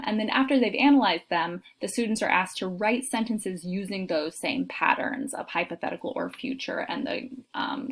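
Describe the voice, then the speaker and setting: A woman giving a recorded lecture on teaching, explaining steps with frequent fillers and spoken examples. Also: medium pitch. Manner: explanatory, frequent ums, demonstrates intonation aloud. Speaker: teacher trainer.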